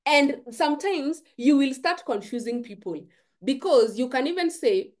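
A woman's voice: high voice, expressive, moderate pace. A woman giving an emphatic, preachy motivational talk to camera, repeating phrases for stress. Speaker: forex trading YouTuber.

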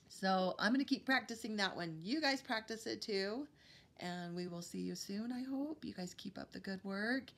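A woman preschool teacher giving a phonics lesson to young children, sounding out letters slowly and praising them warmly. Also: mid-range voice. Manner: slow, encouraging, sounding out letters for small kids.

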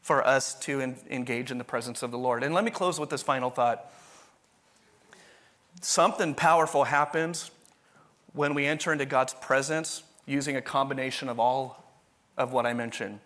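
A man's voice: mid-range voice, normal speed, a bit bright. A man preaching a sermon in a conversational, rambling way, often restarting his sentences. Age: adult, continuing university studies. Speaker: pastor.

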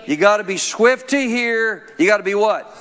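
A man's voice: high-pitched, animated, moderate pace, fairly bright tone. A man preaching a sermon, asking his listeners questions and having them repeat phrases after him. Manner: preaching with call-and-response questions. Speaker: pastor.

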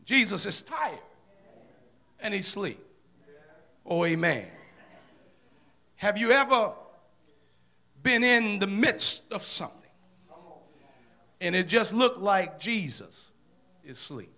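High-voiced fervent preacher man, slow and bright. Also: lively intonation. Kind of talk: sermon. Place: church during a service.

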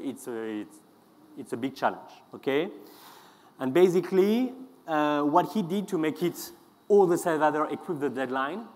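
A man with a French accent giving a conference talk, halting often with fillers and restarts. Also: a little high. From France. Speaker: speaker. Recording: long hall reverb.

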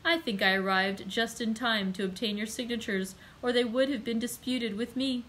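A woman reading the lines of a wealthy, commanding nobleman count, calm, gracious and cold. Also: on the high side, moderate pace, a little hiss or hum, lightly acted, rough recording. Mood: cool, dry.

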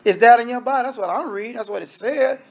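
High-pitched gravelly male preacher. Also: fast. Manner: emphatic, conversational preaching that addresses the congregation directly. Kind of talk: sermon.

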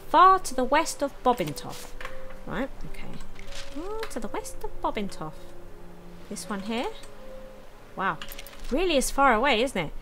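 Unhurried, chatty woman playing a game. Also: fairly high pitch, pushed and bright. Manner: chatty, thinks aloud, exclaims often. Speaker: let's play host. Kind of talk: casual game commentary.

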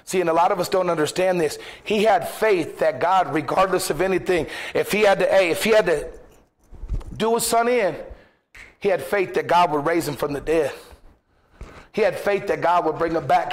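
A man's voice: sits high, normal speed. A man preaching a sermon as pastor in a church, impassioned, firing rhetorical questions and acting out quoted voices.

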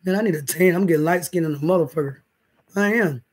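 A man's voice: a little high, fast, breathy edge. A man hosting a casual livestream from his bed, rambling and swearing as he talks to viewers in the chat. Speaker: livestream host. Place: indoors, in bed.

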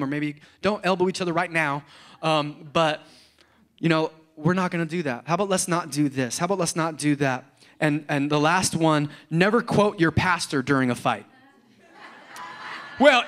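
A pastor preaching a sermon on marriage, animated and acting out quoted spouses in raised voices. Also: male voice, a little high.

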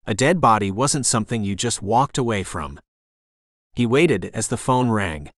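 A man's voice: lowish voice, animated, moderate pace, fairly bright tone, no echo. A man narrating a crime audiobook in a tense, dramatic storytelling manner on a close studio mic. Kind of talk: scripted narration.

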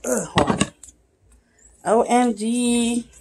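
A bubbly young woman with a slightly high voice chats through an unboxing for her channel. She gushes and giggles as she goes. A faint hiss sits under her voice. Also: very slow, creaky. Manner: excitable, gushing, giggly. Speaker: YouTube vlogger. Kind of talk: casual unboxing vlog. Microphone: camera, face not shown.

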